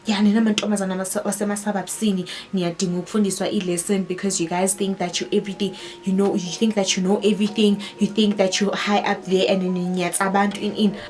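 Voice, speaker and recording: Woman doing a middle-aged male driver, South African accent, aggressive, blunt, demanding, mid pitch. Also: level tone, fast talker, a little mellow, soft background music, natural voice.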